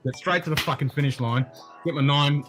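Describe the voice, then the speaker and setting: A man's voice: on the high side, steady tone, a little fast, music in the background. Swearing man chiming in casually. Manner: swears freely, agreeing and chiming in. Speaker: podcast co-host. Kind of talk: casual pub-style chat.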